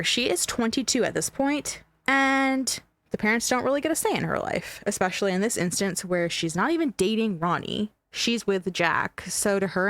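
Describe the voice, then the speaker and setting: A woman's voice: medium pitch, creaky, fairly bright tone, no echo. A woman hosting a podcast, telling a true-crime story in a chatty, joking, emphatic way. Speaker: podcast host.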